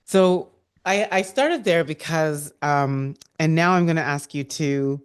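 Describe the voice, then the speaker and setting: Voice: medium pitch, takes it slowly, clean tone. A podcast host asking interview questions in a hesitant way, searching for words.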